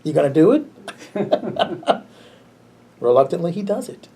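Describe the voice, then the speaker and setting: A pastor teaches a church Bible class in a loose, conversational way, breaking into chuckles and circling back over his words. He is a man with a fairly high voice that carries plenty of gravelly fry. His tone stays dark and mellow. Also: measured pace. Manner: relaxed, chuckles often, frequent restarts.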